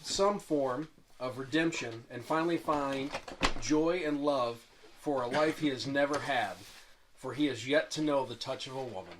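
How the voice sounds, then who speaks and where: A man's voice: mid-range voice, moderate pace, background noise. A man at a tabletop game reading his dwarf character's backstory, with offhand self-mocking asides.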